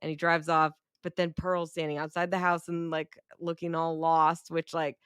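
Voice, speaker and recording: A young woman talks through a film on a podcast in a loose, chatty way, swearing often and slipping into quick impressions of the characters. Her voice sits on the low side and sounds close and dry. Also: little pitch movement, fairly bright tone, smooth, dry recording. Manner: chatty, swears freely, acts out characters' lines. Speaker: podcast co-host. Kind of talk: casual movie review chat.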